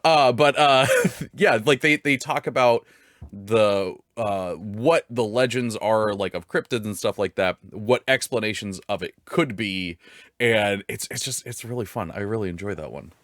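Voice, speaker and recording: A man's voice: fairly low pitch, a little slow, a bit bright, no room sound, clean studio sound. A man hosting a casual panel discussion, laughing often and searching for words as he talks. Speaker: streaming show host.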